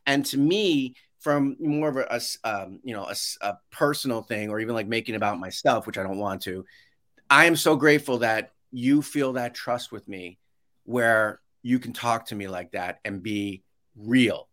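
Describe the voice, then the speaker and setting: A man's voice: mid-range voice, moderate pace. A man speaking as a guest in a casual interview over a video call, telling stories with many restarts and acting out what others said. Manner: animated storyteller, acts out quotes, many restarts. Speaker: podcast guest, education consultant. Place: home office with shelves.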